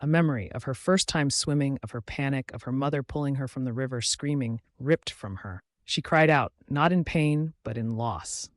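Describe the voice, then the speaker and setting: A man's voice: medium pitch, moderate pace, hardly any pauses, no room sound, studio quality. Man telling a dramatic folktale. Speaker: storyteller. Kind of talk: scripted folktale narration.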